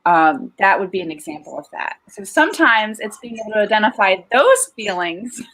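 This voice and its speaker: A woman's voice: medium pitch, very animated, normal speed, poor audio. A woman therapist chatting casually, explaining emotions in an easy, laughing way. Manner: warm, explanatory, laughs easily. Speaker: therapist guest. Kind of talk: casual chat.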